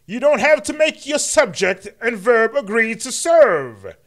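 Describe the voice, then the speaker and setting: A booming, solemn preacher-orator, as a man puts him on with a high, soaring pitch that climbs and falls widely. He swells each phrase in a slow sermon cadence, stretching the words out grandly. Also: big pitch swings, fairly bright tone, exaggerated voice. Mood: orating.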